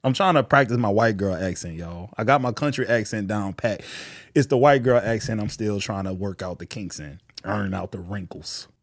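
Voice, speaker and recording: A man's voice: fairly low pitch, moderate pace, no echo. Laid-back slangy man reacting. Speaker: reaction video host. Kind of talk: casual reaction commentary.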